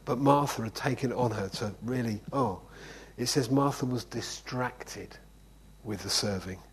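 A man's voice: mid-range voice, unhurried, husky, low-quality recording. A man preaching an informal sermon in a conversational way, often checking in with "okay?". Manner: conversational, keeps asking "okay?".

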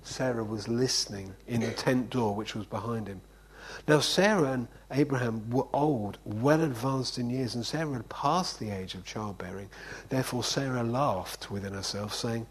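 A man's voice: mid-range voice, moderate pace, a little hiss or hum, rough recording. A man preaching an informal sermon in a conversational way, often checking in with "okay?". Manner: conversational, keeps asking "okay?".

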